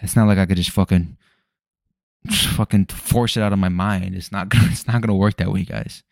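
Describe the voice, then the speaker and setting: A man's voice: deep voice, steady tone, brisk, creaky, no echo, clean studio sound. A young man rambling casually on his solo podcast at home, loose and full of swearing. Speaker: podcast host. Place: home room at night.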